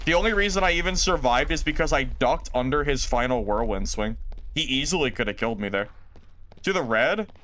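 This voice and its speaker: A man's voice: medium pitch, lively intonation, fairly quick, bright, forceful tone, a little hiss or hum. A man streaming a game live, talking through play and answering chat in a self-mocking, exasperated way. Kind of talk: live gameplay commentary reading chat.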